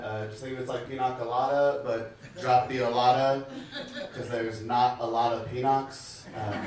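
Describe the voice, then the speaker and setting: Rambling stand-up comic in echoey club. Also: male voice, mid-range voice, far from the mic. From United States. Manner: casual, rambling delivery with many fillers. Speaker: stand-up comedian. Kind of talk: stand-up comedy set. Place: comedy club stage.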